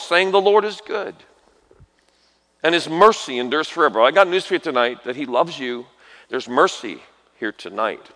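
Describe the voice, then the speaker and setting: A man with a drawl preaches in a large church hall, his bright, ringing voice swooping from hushed asides to shouted exhortations. He jokes, calls out to the congregation and waits on their answers, and a long reverb trails each phrase. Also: medium pitch. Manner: animated, swings from quiet asides to shouted exhortations; folksy, jokey asides and call-and-response with the congregation. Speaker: guest preacher. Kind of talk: sermon.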